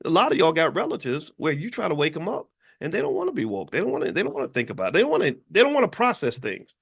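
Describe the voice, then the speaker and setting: A man's voice: on the high side, huge pitch swings, rapid-fire, creaky, fairly bright tone, husky. A man from Kentucky hosting a podcast, talking emphatically with frequent restarts and repeated words. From Kentucky, USA. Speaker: podcast host. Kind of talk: passionate social commentary.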